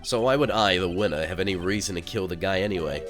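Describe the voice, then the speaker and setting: A man's voice: deep voice, fast, a bit bright, faint music behind. Man doing a lazy surfer-dude TV star. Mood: dismissive. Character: laid-back vain male TV star, surfer dude.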